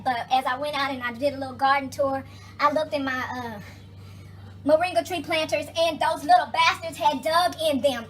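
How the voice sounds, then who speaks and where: A woman vlogging casually from her kitchen, telling stories in a profane, animated way full of asides. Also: high-pitched. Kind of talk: casual kitchen vlog chat. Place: home kitchen.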